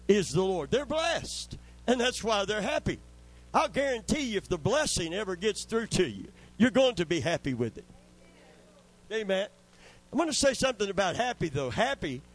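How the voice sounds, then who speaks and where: A man's voice: high-pitched, low-quality recording. A man preaching a sermon with fervent, call-and-response delivery, often calling for amens.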